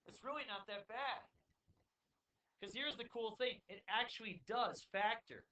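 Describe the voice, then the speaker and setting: A man teaching a math lesson to a classroom, talking to his students in an informal way with quick asides. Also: high-pitched, pushed and bright. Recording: distant classroom recording with faint noise.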